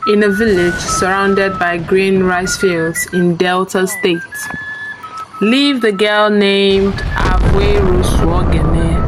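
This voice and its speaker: A woman narrating a scripted folktale in a slow, measured storytelling manner, with music behind her. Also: fairly low pitch, poor audio. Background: background music.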